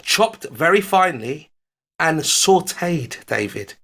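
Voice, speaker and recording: A man co-hosting a radio show, joking and teasing with a drawn-out mock-grand delivery. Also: fairly high pitch, lively intonation, a bit bright. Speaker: radio co-host. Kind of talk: casual radio banter.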